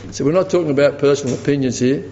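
A man's voice: medium pitch, fast talker. Man preaching a story-driven sermon. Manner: storytelling, animated when quoting others. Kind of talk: sermon with anecdote. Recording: dull sound with long reverb in a hall.

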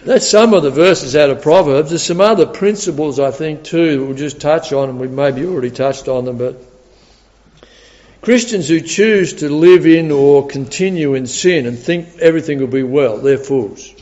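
A man's voice: on the high side, normal speed, darkish tone. Male preacher, earnest and emphatic, repeats words for weight; dull recording with a hall echo. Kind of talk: sermon.

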